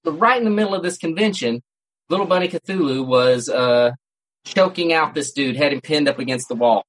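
Fairly high-pitched and a bit bright, a male podcast co-host talks fairly quickly, chatting casually and rambling through stories with frequent restarts. The audio is poor, recorded at home with a cat nearby.

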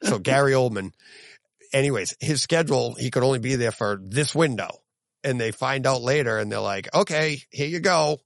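A man with a gravelly, fry-tinged voice, co-hosting a casual podcast. He tells stories animatedly, full of restarts and laughter. His voice sounds close and dry, with no room around it. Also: mid-range voice, moderate pace, no room sound. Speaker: podcast co-host. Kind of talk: casual chat.

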